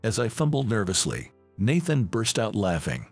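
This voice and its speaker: A man narrates a scripted first-person story in an earnest tone. His voice has a gravelly grain and a lively rise and fall. It is recorded dry, with faint music underneath. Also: lowish voice, normal speed, few pauses, dry recording.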